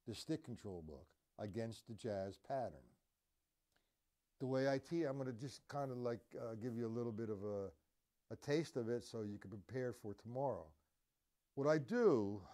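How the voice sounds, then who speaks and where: Warm and mid-range, this man's voice leads a drum lesson streamed live. His style is casual and hands-on: he counts out the beats and scats the drum sounds while demonstrating.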